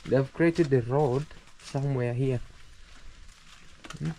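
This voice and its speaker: Strolling around his home farm, a man vlogs outdoors in a loose, rambling style, full of fillers and repetition. He speaks slowly in a warm, steady voice of medium pitch, and there is a little hiss or hum.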